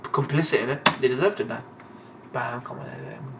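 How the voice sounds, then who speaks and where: A young man reading a manga aloud and reacting in a casual, profane, excitable way. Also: mid-range voice, brisk, gravelly, distant mic, heavy background noise.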